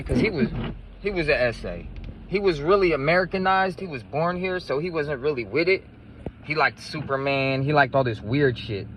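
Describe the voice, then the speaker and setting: A man's voice: fairly high pitch, a bit bright, a little hiss or hum, poor audio. A man telling a story in a casual, rambling, profane way.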